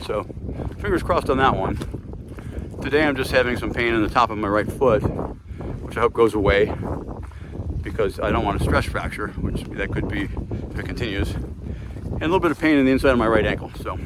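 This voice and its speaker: A man's voice: mid-range voice, noisy background. A man in his sixties vlogging casually outdoors on a hiking trail, talking in a plain, matter-of-fact way with frequent ums. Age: 60s. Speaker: thru-hiker vlogger.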